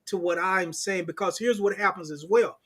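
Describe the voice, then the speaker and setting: Male interview guest: high, bright, slangy, animated storyteller. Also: normal speed, slightly rough. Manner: animated, slangy, acts out quoted voices. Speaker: crypto strategist guest. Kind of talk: casual interview chat.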